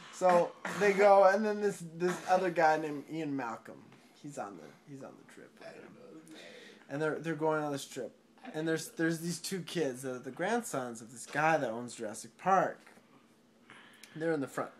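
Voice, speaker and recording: A drunk man rambling through a movie plot, swearing often, laughing and breaking into sudden loud outbursts. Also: mid-range voice. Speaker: storyteller.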